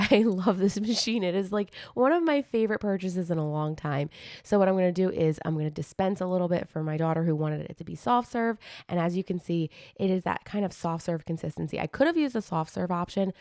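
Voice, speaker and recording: A woman's voice: on the low side, dark tone, no echo, studio quality. A woman in her thirties hosting a casual cooking tutorial, chatty and enthusiastic, often saying "like". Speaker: cooking channel host.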